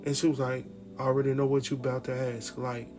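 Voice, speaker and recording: A man's voice: medium pitch, level tone, fast talker, over music. A man with recapping a TV episode in casual commentary, acting out the quotes and laughing often. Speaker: TV recap host.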